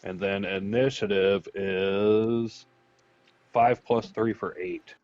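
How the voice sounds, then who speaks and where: A low-pitched man speaking very slowly as a tabletop game player, describing his character's moves at length. His voice comes through a dull, lo-fi recording with faint music behind it. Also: fairly even intonation, a little mellow.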